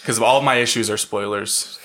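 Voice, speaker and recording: A man's voice: on the low side, steady tone, normal speed, fairly bright tone. A man co-hosting a podcast, chiming in with short, blunt comments about a film. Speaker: podcast co-host. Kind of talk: casual film review chat.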